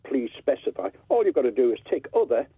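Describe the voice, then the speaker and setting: A man's voice: mid-range voice, sing-song, fast talker, breathy edge, no echo. A man calling in to a radio show, grumbling indignantly about official forms. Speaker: caller. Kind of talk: phoned-in opinion on radio. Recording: tinny phone line.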